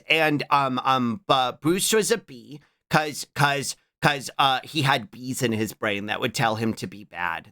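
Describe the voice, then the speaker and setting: A man hosting a live stream, chatting casually to viewers, halting with repeated fillers and restarts, greeting viewers by name mid-story. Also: a little high, bright, forceful tone, clean tone. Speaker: livestream host.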